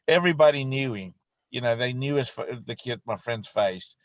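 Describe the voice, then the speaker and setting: A man's voice: mid-range voice, moderate pace, no echo. A man hosting a morning show, telling chatty stories and laughing along as he goes. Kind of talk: casual chat.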